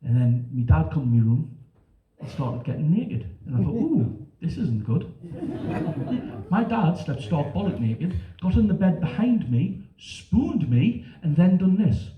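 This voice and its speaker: A man's voice: on the high side, a little slow, recorded from a distance. A middle-aged man from northern England with a northern English accent, telling sweary stories in a stand-up comedy set and putting on voices for the people he quotes. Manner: brash, sweary storytelling with lively voices for quotes. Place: comedy club stage. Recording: roomy, dull live-club recording with noise.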